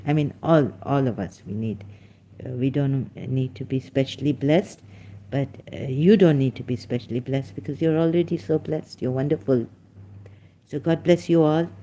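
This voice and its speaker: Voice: medium pitch, mellow. A livestream host effusively thanking a viewer, repeating the thanks, laughing often and slipping into Hindi phrases.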